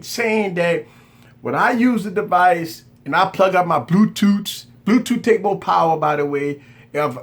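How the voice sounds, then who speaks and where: A man with a fairly high voice hosts a tech channel, speaking directly to viewers in a casual live chat. He's candid and insistent, repeating himself to drive his point home.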